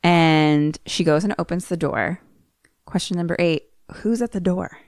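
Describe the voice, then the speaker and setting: A woman's voice: unhurried, no echo, studio quality. A young woman co-hosting a podcast, casually retelling a movie plot scene by scene and acting out the characters' lines as she goes. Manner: animated retelling, acts out characters' lines with sudden jumps in pitch. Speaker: podcast co-host retelling a film.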